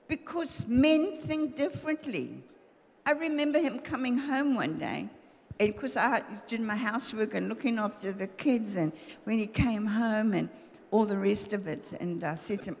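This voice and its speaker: A woman's voice: medium pitch, animated, measured pace, vocal fry, a little mellow, long reverb tail. An older woman preaching a sermon with humor, acting out the voices of husbands and wives as she talks about marriage. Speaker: pastor's wife preaching. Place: church hall.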